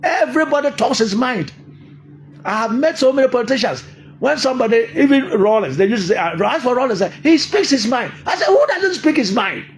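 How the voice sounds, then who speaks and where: A man's voice: extremely high pitch, lively intonation, fairly quick, faint music behind. An older man with a Ghanaian accent, delivering an emphatic political monologue, repeating his points and laughing often. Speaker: political commentator.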